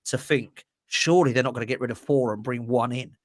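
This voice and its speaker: A man's voice: mid-range voice, brisk, no echo, studio quality. A man in casual football chat, ranting bluntly and emphatically.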